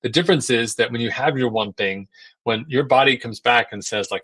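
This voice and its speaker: A man's voice: medium pitch, brisk, a bit bright, slightly rough, no echo. Man talking through a seminar, dry close sound. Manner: conversational, many fillers and repeated words; acts out voices in quoted asides. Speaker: endurance coach presenting a seminar. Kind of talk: casual seminar talk.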